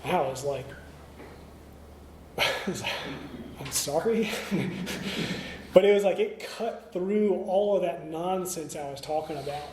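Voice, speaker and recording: A man's voice: fairly high pitch, measured pace, long pauses, a crowd in the background. A middle-aged man speaking at a recovery meeting, telling his story candidly with many fillers and restarts. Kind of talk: recovery talk. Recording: echoey meeting room, faint ambience.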